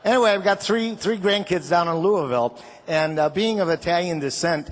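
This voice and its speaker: A man's voice: high voice, a little fast, a little hiss or hum. Older man telling jokes on stage. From Chicago. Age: 60s. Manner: jokey, folksy, chatty with the crowd. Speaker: comedian and singer. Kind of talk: stand-up comedy set.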